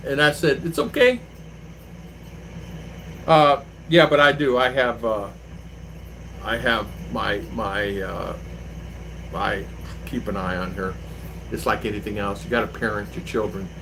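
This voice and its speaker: A man's voice: lowish voice, a little slow, pauses often, background noise. An older man hosting a livestream, chatting in a rambling, storytelling way. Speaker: livestream host. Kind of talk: casual livestream chat.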